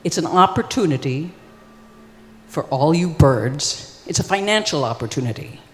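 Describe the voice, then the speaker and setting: A woman voicing a fired-up male ancient Greek poet who pitches a scheme in a loud, insistent, salesman-like way, in a live hall. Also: animated, moderate pace. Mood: persuasive. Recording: long reverb of a live hall.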